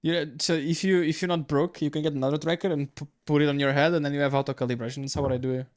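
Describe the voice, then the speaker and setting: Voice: mid-range voice, flat delivery, racing. A streamer host chatting casually, teasing, laughing and stammering through replies.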